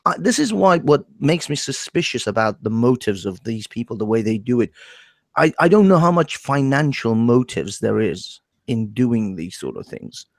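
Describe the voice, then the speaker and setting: A man's voice: mid-range voice, moderate pace, creaky, no room sound, studio quality. A man from a Persian family, co-hosting a casual discussion, ranting with laughs and stumbling repeats. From Middle East, Persian family. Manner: animated, ranting, laughs often, repeats words.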